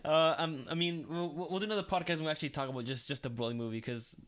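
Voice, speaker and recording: Fast-talking young man with a high voice. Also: fairly bright tone. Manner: fast, blunt opinions, swears freely, laughs often. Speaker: podcast co-host. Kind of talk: casual chat.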